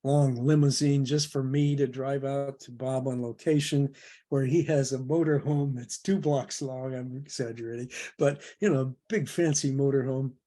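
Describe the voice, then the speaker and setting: An older man recalls a casting story as an interview guest, winding through his tale with chuckles and self-corrections. His voice is warm and mellow. He is heard over a video call. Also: medium pitch, fairly even intonation, moderate pace. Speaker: guest, producer.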